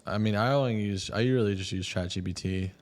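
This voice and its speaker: A man's voice: lowish voice, fairly quick. A man co-hosting a podcast, laid-back, mostly giving short agreeing replies in casual chat. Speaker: podcast co-host.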